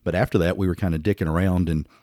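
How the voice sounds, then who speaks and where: A Southern man in his fifties with a very low voice who rattles along quickly. He co-hosts a podcast in a loose chat, blunt, swearing and poking fun at himself. The recording is close and dry. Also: steady tone, dark tone, dry recording. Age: 50s. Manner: blunt, swears freely, self-mocking. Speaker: podcast co-host. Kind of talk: casual chat.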